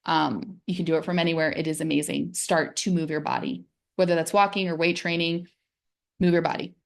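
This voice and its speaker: A middle-aged woman, a wellness coach, giving a casual, gentle and encouraging talk about pain, sometimes dropping into soft, soothing self-talk. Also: low voice, steady tone, brisk, creaky. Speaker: physical therapist and wellness coach.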